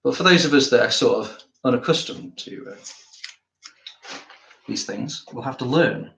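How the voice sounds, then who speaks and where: A man's voice: medium pitch, normal speed, vocal fry, fairly bright tone, lo-fi sound. A man, an artist chatting wryly with jokey asides while he works in his studio. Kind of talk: casual talk while working. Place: art studio. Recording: roomy studio, faint noise.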